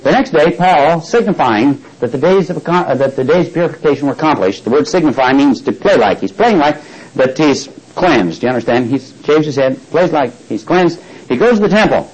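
A man's voice: fairly high pitch, animated, brisk, darkish tone, slightly rough, rough recording. A man preaching a sermon, retelling a scripture story, acting out its speakers and prompting the congregation to finish his lines, with frequent restarts.

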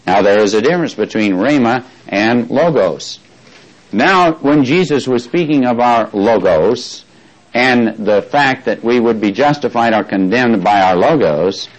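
A man teaching a Bible study as a sermon. He asks the congregation questions and repeats key phrases, slowing down to spell out what words mean. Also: mid-range voice, poor audio.

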